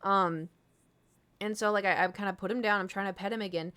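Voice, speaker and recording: Woman, streamer, casual storytelling, mid-pitched voice, rambling, lots of fillers, swears freely. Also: steady tone, a little fast, bright, forceful tone, clean tone. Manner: rambling, filler-heavy, candid and profane.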